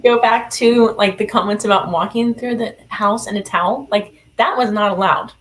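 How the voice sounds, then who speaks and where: A woman's voice: medium pitch, moderate pace, slight background noise. A woman guest in a casual group chat, recounting things in an earnest, matter-of-fact way. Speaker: panel guest.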